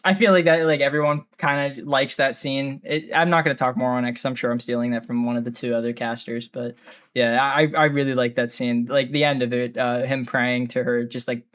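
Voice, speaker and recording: A man's voice: mid-range voice, steady tone, a little fast, a bit bright. A man co-hosting a podcast in casual chat, rambling and self-deprecating, laughing often. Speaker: podcast co-host.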